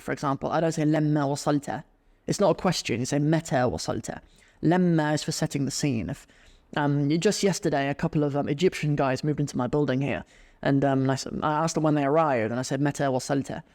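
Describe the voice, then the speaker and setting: A man teaching Arabic on a podcast, reading lines aloud and explaining them in a relaxed, chatty way. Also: on the high side. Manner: reads Arabic aloud then explains in English; chatty, with fillers and restarts. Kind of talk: podcast language lesson.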